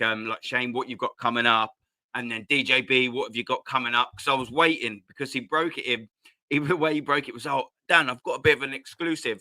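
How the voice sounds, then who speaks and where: A man hosts a casual live stream from home, talking into a cheap desk mic at his laptop. He rambles and swears, using lots of slang, in a sharp voice of medium pitch. The sound is clean studio quality with no echo.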